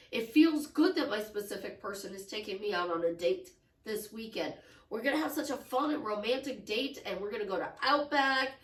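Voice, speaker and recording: A woman's voice: on the high side, echoey room, distant mic, poor audio. A woman life coach talking casually, telling stories and acting out the quoted dialogue. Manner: animated storytelling, acts out quoted dialogue.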